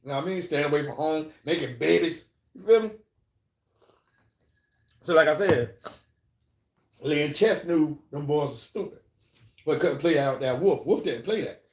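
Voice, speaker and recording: A man's voice: a little high, normal speed, pauses often. A man live-streaming, telling stories in a rambling, profane way and checking in with listeners, in an echoey room. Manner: rambling, profane, keeps asking "you know what I'm saying". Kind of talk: casual storytelling.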